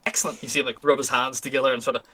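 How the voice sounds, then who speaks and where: A man's voice: medium pitch, flat delivery, rapid-fire, sharp tone. A man narrating a tabletop game as game master in a loose, casual way.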